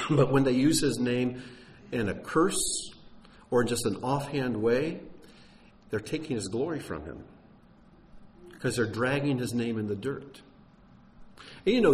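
A man's voice: medium pitch, a little hiss or hum. A man giving an earnest, emphatic sermon teaching, with some wry humor and frequent fillers and restarts. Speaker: teacher of a Messianic congregation.

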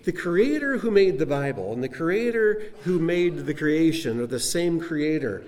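A man's voice: fairly high pitch, big pitch swings, normal speed, a little mellow. A man teaching a Bible lesson in a conversational, folksy sermon style with frequent asides to his listeners.

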